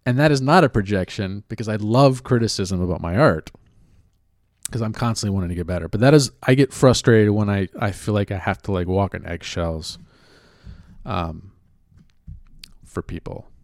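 A man's voice: on the low side, moderate pace, a little mellow, no echo, studio quality. A man ranting in a casual way, blunt and profane, stopping now and then to question himself. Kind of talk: casual rant.

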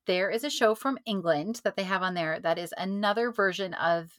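A woman co-hosting a podcast in casual chat, talking in an animated way and acting out quotes in a loud voice. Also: mid-range voice, normal speed, no room sound. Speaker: podcast co-host.

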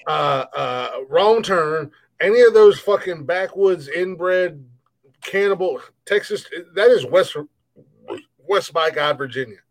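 A man's voice: sits high, expressive, measured pace, poor audio. A man co-hosting a podcast, joking and swearing, often laughing. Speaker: podcast co-host. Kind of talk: casual banter.

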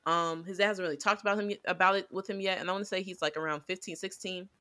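A woman's voice: on the low side, steady tone, fast, pushed and bright. A woman co-hosting a podcast, chatting casually and rambling with lots of fillers as she animatedly retells scenes. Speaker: podcast co-host. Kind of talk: casual anime review chat.

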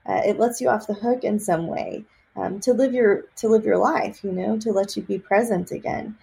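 A woman from Texas, a psychic medium, chatting in an interview and telling lively stories with many fillers and laughs. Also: mid-range voice, moderate pace, vocal fry. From Austin, Texas. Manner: animated storyteller, laughs often, many fillers. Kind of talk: casual interview chat.

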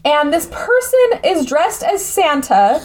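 Woman with a higher voice rambling through a movie recap, chatty and animated. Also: slow. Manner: chatty, animated, lots of fillers and asides. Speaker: podcast host.

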